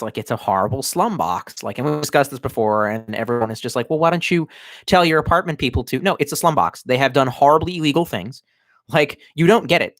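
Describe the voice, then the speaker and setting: A man's voice: mid-range voice, fairly bright tone, dry recording, clean studio sound. Tipsy man ranting on a livestream. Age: 30s. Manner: rambling, profane, sardonic. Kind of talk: casual livestream rant. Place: cramped bedroom at home.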